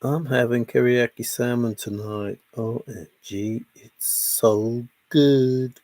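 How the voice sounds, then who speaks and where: A man's voice: medium pitch, steady tone, slow pace, a little mellow, no echo. A man hosting a casual late-night livestream, reading viewer comments aloud and answering them playfully. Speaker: livestream host.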